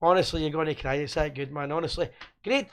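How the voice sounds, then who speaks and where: A man's voice: on the high side, fast talker, fairly bright tone, smooth. A Scottish man hosting a casual live show, joking and rambling in boisterous banter. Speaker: host.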